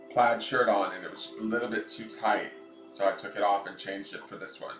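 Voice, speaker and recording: A man's voice: lowish voice, fairly quick, a bit bright, echoey room, faint music behind. A man with a nasal voice, hosting a tarot live stream from home and chatting goofily with viewers. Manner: goofy, chatty, reads out viewer comments.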